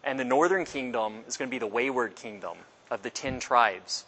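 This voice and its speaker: At a normal speed and in a pushed, bright voice, a man runs a relaxed Bible class lecture. He keeps things conversational, questions his students, and voices quotes with pitch jumps.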